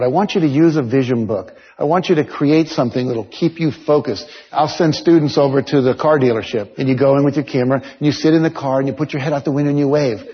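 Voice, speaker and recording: A man giving a motivational seminar talk to an audience, coaching listeners directly and telling stories with lively energy. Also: fairly high pitch. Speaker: motivational speaker. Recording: dull lo-fi sound with long hall reverb.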